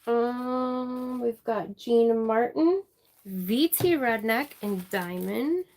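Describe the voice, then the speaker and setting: A woman with a slightly high, gravelly voice hosts a crafting livestream. She speaks slowly and chattily, reading out names and thanking her viewers warmly.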